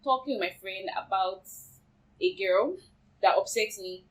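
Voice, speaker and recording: A young woman with a Nigerian accent, casually telling her side of a love story, lively and often laughing. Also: mid-range voice, unhurried, rough recording. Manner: lively, laughing, quotes herself and others. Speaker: co-host.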